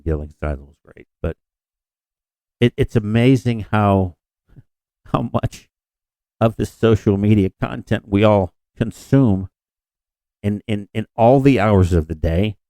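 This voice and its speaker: A man's voice: on the low side, expressive, unhurried, long pauses, mellow, no room sound. A man co-hosting a podcast in casual chat, rambling and self-deprecating with frequent restarts. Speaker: podcast co-host.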